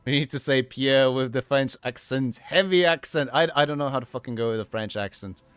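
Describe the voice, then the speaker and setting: A young British man streaming a game, animated and sweary, laughing often. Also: medium pitch, fairly quick, clear, resonant tone, no echo, soft background music. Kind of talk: casual let's-play commentary.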